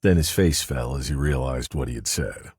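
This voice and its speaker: A man reading a first-person mystery audiobook in a low, subdued way. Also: moderate pace, darkish tone, breathy edge, no echo, clean studio sound. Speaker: audiobook narrator. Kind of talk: scripted first-person narration.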